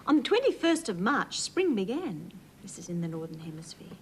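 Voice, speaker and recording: An Australian woman hosting a children's TV show, reading a storybook aloud and talking gently to young viewers in a sing-song way. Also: mid-range voice, very animated, moderate pace, slight background noise, low-quality recording. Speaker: children's TV host.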